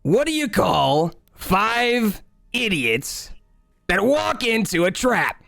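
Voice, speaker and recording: A man's voice: high voice, big pitch swings, slow pace, gravelly, bright, forceful tone, dry recording, clean studio sound, faint music behind, voice pushed up, exaggerated voice. Pennywise, a man doing a taunting killer clown. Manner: taunting, sing-song menace. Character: sinister male killer clown voice.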